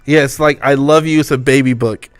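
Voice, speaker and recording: A man's voice: mid-range voice, fairly even intonation, brisk, no echo. A young man co-hosting a podcast, chatting casually, swearing and laughing often. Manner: laid-back, swears freely, laughs often. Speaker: podcast co-host. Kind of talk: casual chat.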